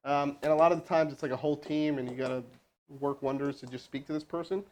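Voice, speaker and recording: A man's voice: on the high side, quick pace, a little hiss or hum. A man making a live cold sales call and then coaching his crew, talking casually with lots of fillers and restarts. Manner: energetic, rambling, full of fillers.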